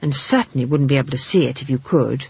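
A woman narrating a comic fantasy audiobook with wry, expressive storytelling and playful asides. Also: rumbling low, fast, vocal fry, breathy edge, lo-fi sound.

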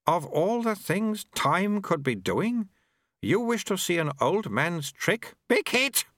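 A man voicing a small babbling toddler abbot who talks in high baby talk, in an audiobook. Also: sing-song, slow pace, fairly bright tone, dry recording, clean studio sound, exaggerated voice. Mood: babbling, serene. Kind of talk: audiobook character voice.

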